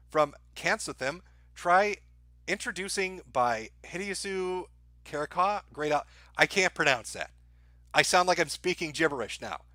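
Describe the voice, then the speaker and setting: Guy streamer reading donations, kinda high sharp voice, offhand and crude, lots of uhs. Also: no echo. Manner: dry, offhand reading with frequent "uh" fillers; crude, irreverent humor. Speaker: livestream host.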